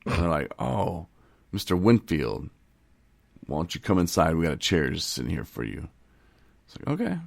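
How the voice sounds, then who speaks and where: A man's voice: low voice, gravelly, no room sound. A man from Michigan co-hosting a podcast, joking and teasing, acting out little scenes and laughing often. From Michigan, USA. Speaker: podcast co-host. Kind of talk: joking casual chat.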